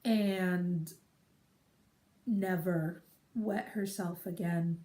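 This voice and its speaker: A woman's voice: mid-range voice, steady tone, slow, long pauses, warm tone, roomy sound. A woman hosting her podcast from a room at home, chatting casually in a rambling way and breaking off for side remarks. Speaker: podcast host. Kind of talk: casual chat.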